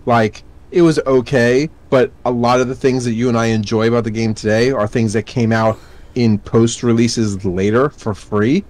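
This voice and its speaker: A man with an average-pitched voice co-hosting a relaxed podcast. He tells stories in a chatty way and laughs easily between his lines. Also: moderate pace. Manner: chatty storyteller who laughs often. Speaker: podcast co-host. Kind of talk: casual chat.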